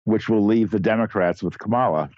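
A man's voice: on the low side, fairly quick, a little mellow, dry recording, highs cut off. A man appearing as a guest journalist, talking bluntly in a casual political chat, often restarting his sentences.

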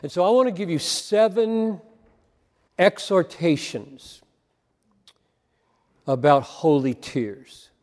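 A man's voice: high voice, lively intonation, darkish tone. An older man preaching a sermon, earnest and emphatic, often repeating himself as he builds a point. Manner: earnest, emphatic, with halting repetitions. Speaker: pastor. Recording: long hall reverb.

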